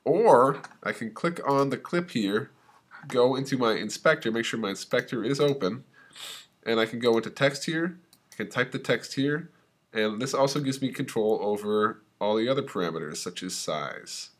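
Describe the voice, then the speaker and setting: A man's voice: mid-range voice, lively intonation, moderate pace. A man walks students through a video editing program, narrating every click and drag as he goes. His delivery is casual and plain, in an ordinary mid-range voice, with frequent checks like "okay?" and "right?". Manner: casual, talks through each click step by step. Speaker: teacher. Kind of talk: screen-recorded software tutorial.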